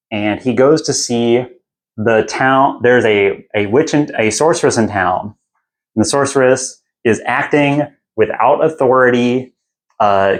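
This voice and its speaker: Young man casually recapping a fantasy book. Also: medium pitch. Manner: rambling, loose and irreverent, full of fillers. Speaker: podcast host.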